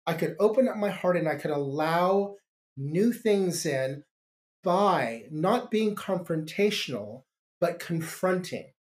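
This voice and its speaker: A man's voice: high voice, lively intonation, slow pace, a little mellow. A middle-aged man, a podcast guest, telling a personal story in an earnest, reflective way with frequent restarts.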